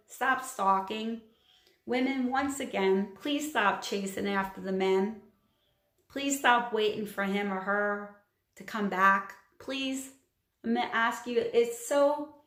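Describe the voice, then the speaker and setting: A woman's voice: mid-range voice, reverberant. A woman giving a casual astrology reading, chatty and emphatic, repeating her points and laughing at herself. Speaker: astrology channeler. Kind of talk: casual tarot-style reading to camera.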